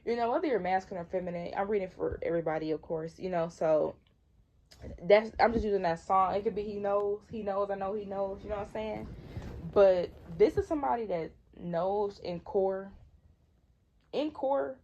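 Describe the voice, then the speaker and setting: A twenties woman from Michigan gives a laid-back, slang-heavy tarot reading and keeps repeating herself to drive points home. Her mid-range voice moves a little fast and sounds dark, with the highs cut off and slight background noise.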